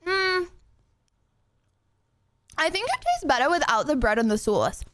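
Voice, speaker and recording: A woman's voice: high-pitched, wildly swooping pitch, measured pace, fairly bright tone, a little hiss or hum. A young woman streaming live, chatting casually and rambling to her viewers while she eats. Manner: rambling, chatty, talks to chat.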